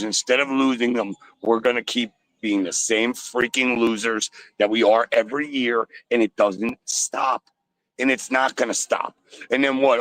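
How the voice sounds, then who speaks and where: A man's voice: mid-range voice, measured pace, dry recording, poor audio. Furious ranting man calling in. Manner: angry, loud, swearing rant. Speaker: caller. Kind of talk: call-in sports radio rant. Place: in a store.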